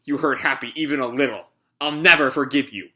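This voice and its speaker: A man's voice: mid-range voice, fairly quick, pushed and bright. A man reading as a defiant young woman. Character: fierce loyal young woman defending her pet.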